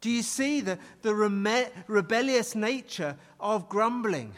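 A man's voice: high-pitched, lively intonation, unhurried. A man preaching a sermon, stressing and repeating key phrases as he leads his listeners through the text. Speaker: pastor. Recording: long reverb of a large hall.

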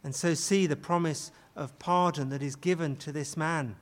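A man's voice: fairly high pitch, fairly even intonation, normal speed. A man preaching a sermon with dramatic emphasis. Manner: dramatic, acts out quoted pleas with rising intensity. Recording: long hall reverb.

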